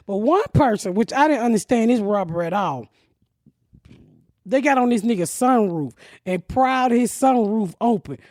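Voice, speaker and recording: A woman hosting a comedy podcast, telling a profane comic story in an animated way and shouting out the quotes. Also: fairly high pitch, moderate pace, dry recording, studio quality.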